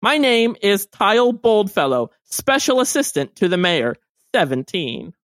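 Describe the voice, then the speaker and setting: Dude doing a high fretful sickly teen assistant, eager to please. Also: male voice, big pitch swings, measured pace, fairly bright tone, dry recording, studio quality, heavily acted. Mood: earnest. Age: 17 (figure). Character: sickly fussy teenage boy assistant.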